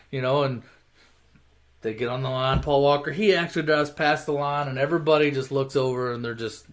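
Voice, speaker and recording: A man's voice: medium pitch, normal speed. A man casually retelling a movie plot as a comic story, offhand and profane, often correcting himself mid-sentence.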